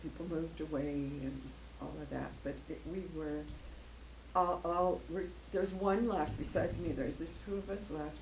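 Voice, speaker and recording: Speaking at normal speed in a deep voice, an older woman shares a heartfelt testimony as a guest at a church, wandering off track a bit and laughing frequently. It was recorded in a church hall with echo and slight noise.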